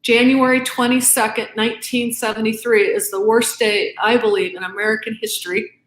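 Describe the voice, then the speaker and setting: In an echoey room, a middle-aged guest author gives a passionate interview, earnestly and emphatically voicing both sides of arguments as she quotes them back and forth. She talks briskly in a little high, fairly bright voice with little pitch movement.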